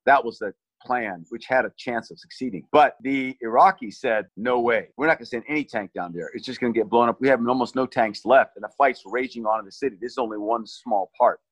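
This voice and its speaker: A man's voice: mid-range voice, brisk, hardly any pauses, dry recording, low-quality recording. A middle-aged man earnestly recounting a rescue he led, often restarting and repeating words as he remembers. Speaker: relief team leader recounting a rescue. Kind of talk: personal storytelling in conversation.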